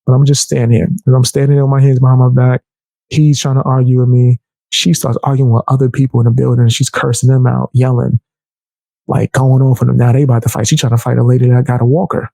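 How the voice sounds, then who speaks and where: A young man telling a heated personal story in casual, animated speech, raising his voice to act out the people he quotes. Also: mid-range voice, fast, gravelly, dry recording. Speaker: storyteller vlogger.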